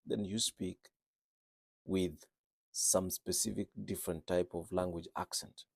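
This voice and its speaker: A man's voice: low-pitched, fairly even intonation, measured pace, gravelly, no echo. A man working as a registered nurse, English not his first language, talking earnestly and repeating phrases for emphasis. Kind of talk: reflective talk on speaking with an accent.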